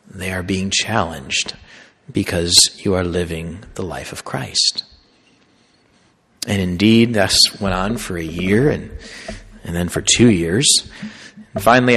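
A man who is a Catholic priest, giving a sermon in a slow, conversational storytelling way. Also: fairly low pitch, fairly bright tone, husky. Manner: conversational storytelling preaching, slow deliberate phrasing. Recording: long hall reverb.

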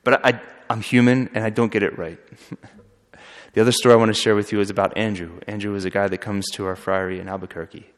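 A man who is a friar, telling a story in an earnest, halting way with frequent restarts. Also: on the low side, fairly even intonation. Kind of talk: storytelling talk. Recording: long hall reverb.

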